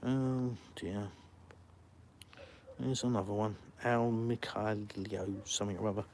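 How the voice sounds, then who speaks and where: Speaking unhurriedly in a fairly low, darkish voice with a steady tone, a UK man with an English accent runs a live stream outside in a village. He responds to chat questions with bluntness and dry sarcasm.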